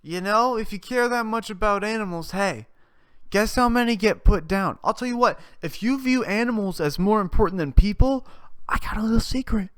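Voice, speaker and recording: A young man hosting a podcast, rambling through a comedic monologue, swinging between loud rants and quiet mumbles. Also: high-pitched, moderate pace, no room sound. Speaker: podcast host.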